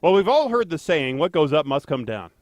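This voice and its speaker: Chatty, higher-pitched male podcast host. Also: sing-song, fairly quick, no room sound. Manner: rambling, jokey, self-deprecating with fillers. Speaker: podcast co-host, traffic anchor. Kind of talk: casual podcast chat.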